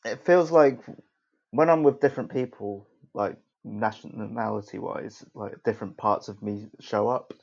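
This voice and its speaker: A man's voice: fairly low pitch, unhurried, creaky, a little mellow, husky. A man hosting a podcast, speaking in casual conversation in a thoughtful, reflective way with hesitant restarts. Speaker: podcast host. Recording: dull lo-fi sound.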